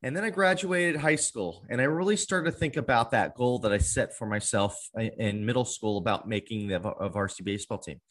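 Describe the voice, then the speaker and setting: A man's voice: medium pitch, fairly quick, few pauses, fairly bright tone. A man in his twenties telling his life story as an interview guest, earnest and acting out old conversations. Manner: earnest, acts out past conversations in quotes.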